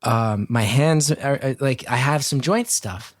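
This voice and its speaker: Profane, animated man over a video call. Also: medium pitch, measured pace, no echo, clean studio sound. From North Jersey, United States. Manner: animated, profane, self-deprecating storytelling. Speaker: guest storyteller. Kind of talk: casual anecdote told on a video call.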